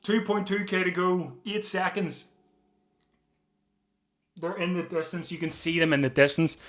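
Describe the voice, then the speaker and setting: Excitable man calling a race. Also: sits high. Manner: breathless, rising to shouts at the finish; talks fast over the race, repeating himself. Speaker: livestream watch-along host. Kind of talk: excited live race commentary. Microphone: desk mic.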